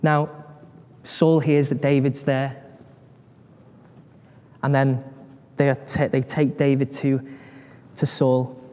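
A man preaching a sermon, telling a Bible story in a lively way, acting out voices and putting questions to his listeners. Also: mid-range voice, slow, long pauses, in a large hall. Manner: animated storytelling, acts out voices, asks the congregation questions.

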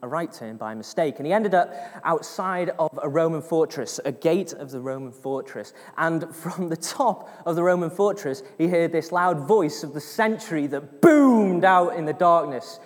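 A man's voice: a little high, normal speed, few pauses. A man preaching a sermon to a congregation, telling a story with acted-out voices and frequent laughs. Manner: lively storyteller, acts out voices, laughs often. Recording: long reverb of a hall.

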